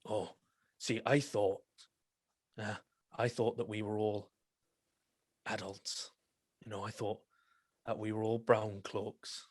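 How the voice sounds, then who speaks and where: A hard-nosed, curmudgeonly old captain, voiced by a man in a tabletop game. He shifts from bellowing to low, quiet menace. The sound is dry and close. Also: little pitch movement, takes it slowly, pauses often, no room sound. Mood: menacing. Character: gruff curmudgeonly older male captain, bellowing taskmaster.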